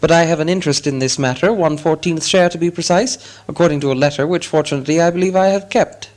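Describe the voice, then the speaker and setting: A man voicing a fussy, polite hobbit gentleman who talks in a prim, businesslike way with a squeaky voice. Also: fairly quick, close to an everyday voice.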